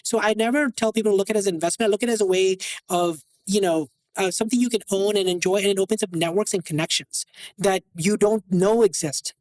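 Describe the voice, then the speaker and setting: A man's voice: high-pitched, fast, low-quality recording. A man who deals watches, chatting as a guest on an interview show and acting out the dialogue in his stories. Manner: animated, acts out quoted dialogue. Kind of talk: casual interview storytelling.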